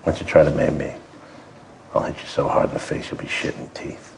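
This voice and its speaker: An actor playing a menacing, gruff American army general in a film, slowly trading crude threats. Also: male voice, little pitch movement, a little hiss or hum, exaggerated voice. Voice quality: gravelly, very low. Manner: taunting, crude threats, slow and deliberate. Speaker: film character in a clip.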